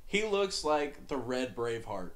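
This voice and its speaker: A young man telling a crude story on a podcast, laid-back and profane, often dropping to a low mumble. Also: big pitch swings, unhurried. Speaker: podcast co-host.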